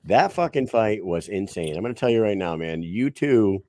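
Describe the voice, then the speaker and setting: Co-host, male, low and dry, loose and swearing. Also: big pitch swings, a little mellow, dry recording. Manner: loose, swearing, drawn-out phrasing. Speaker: podcast co-host. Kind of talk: casual interview.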